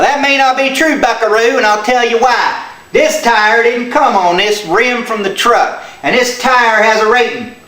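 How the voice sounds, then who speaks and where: A man with a very high, bright voice clowns through a homemade how-to, full of folksy country slang and hammy yelps. The sound is echoey, like a home video shot by a truck. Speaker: comic tire-check demonstrator. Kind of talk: goofy comedic how-to video.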